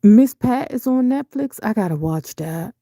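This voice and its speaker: A middle-aged woman in casual live-stream commentary, reading viewers' chat and giving frank, profane opinions full of rhetorical questions, her pitch jumping up sharply when she exclaims. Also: animated, normal speed, warm tone, no echo, clean studio sound.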